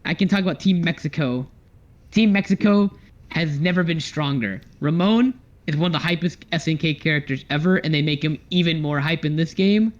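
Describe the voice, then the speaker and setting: A man co-hosting a casual podcast, talking excitedly and swearing a lot as he chats about fighting games. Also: fairly high pitch, a little fast, lo-fi sound. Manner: excited, swears often, acts out character lines. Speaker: podcast co-host. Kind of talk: casual chat.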